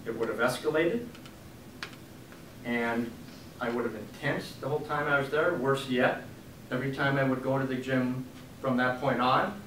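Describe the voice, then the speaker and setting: A man's voice: mid-range voice, moderate pace, pauses often, slight background noise. Man telling a story in an echoey room. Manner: animated, acts out quotes. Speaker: author giving a book reading. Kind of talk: storytelling talk. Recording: echoey room from a distant mic.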